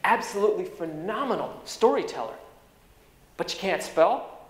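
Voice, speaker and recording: A man voicing a calm, wise mother who comforts her son in a gentle, measured way. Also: high voice, voice pushed up. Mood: tender. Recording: echoey conference hall.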